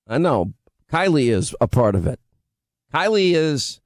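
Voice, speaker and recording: A man's voice: on the high side, sing-song, no echo. A man from Long Island with a New York accent, hosting a talk radio show in casual, bantering style. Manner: brash, bantering, quick to interrupt.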